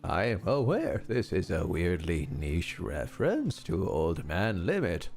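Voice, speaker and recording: A man streaming a video game, chatting casually with wry jokes and quick asides. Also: low-pitched, sing-song, creaky, a little mellow, soft background music. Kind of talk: casual gameplay chat.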